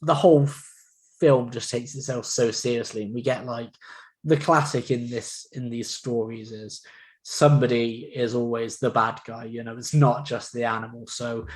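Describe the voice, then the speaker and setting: A man co-hosting a horror film podcast in casual, rambling chat, often laughing and filling pauses with "you know" and "like". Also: mid-range voice, fairly even intonation, a little mellow, rough recording. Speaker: podcast co-host.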